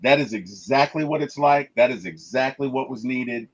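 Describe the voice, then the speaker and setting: A man's voice: medium pitch, moderate pace, muffled recording. Emphatic man reviewing a movie. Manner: emphatic, stammers and restarts, retells scenes. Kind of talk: casual movie review chat.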